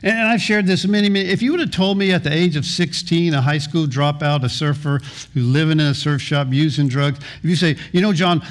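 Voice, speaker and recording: Middle-aged male pastor, earnest sermon delivery, voice pitched a little high, stumbles and repeats words. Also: fairly quick, few pauses. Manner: earnest, repeats words and restarts phrases, sometimes half-sings hymn lines.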